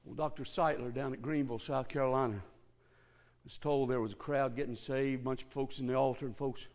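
A Baptist preacher giving a sermon in a church service, swinging from low, quiet talk to shouted climaxes and repeating key phrases for emphasis. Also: male voice, steady tone, fairly quick, slight background noise. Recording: dull lo-fi recording.

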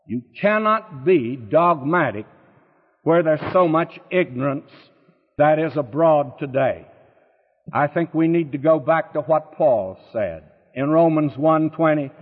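A man teaching a Bible sermon in a folksy, emphatic way, asking rhetorical questions. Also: on the high side. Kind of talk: radio sermon. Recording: tinny, phone-like sound with long reverb.

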